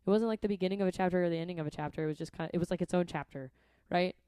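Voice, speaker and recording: A woman's voice: lowish voice, rapid-fire, warm tone, clean tone, no room sound. A young woman vlogging in a casual, rambling way, chatty and earnest, often adding "like" and "right?". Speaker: vlogger and musician.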